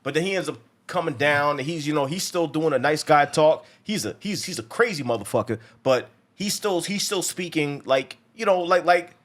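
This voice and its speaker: A man's voice: fairly high pitch, lively intonation, normal speed, hardly any pauses, a bit bright. A man hosting a movie review show, casually recapping a film with lots of restarts and profanity. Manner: rambling, many restarts, acts out quotes. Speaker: movie review podcast host.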